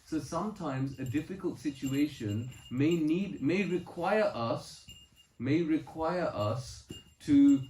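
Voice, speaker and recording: A man with a slightly high voice talks through a scripture story in an earnest, explaining way. He quotes verses and mixes in stories from his own life. The room around him is echoey. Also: lively intonation, slow, darkish tone, a little hiss or hum. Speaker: spiritual speaker. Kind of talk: scripture talk with personal stories. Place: home gathering.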